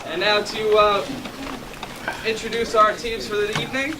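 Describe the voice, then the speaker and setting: A man's voice: high-pitched, flat delivery, moderate pace. A man refereeing and hosting a live improv comedy show, playful and upbeat as he coaxes the crowd. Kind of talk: addressing a live audience. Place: theater stage. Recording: distant, noisy live room.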